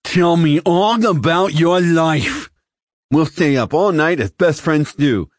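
A man voicing an overexcited male alien recruit who gushes and shouts in an audiobook. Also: a little high, dry recording, studio quality, pitched above the performer's own voice. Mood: gushing. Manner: shouting, gushing, fast bursts of enthusiasm. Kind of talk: audiobook character voice.

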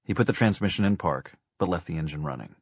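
A man narrating an audiobook in a steady, measured storytelling manner. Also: low voice, slightly rough, no echo.

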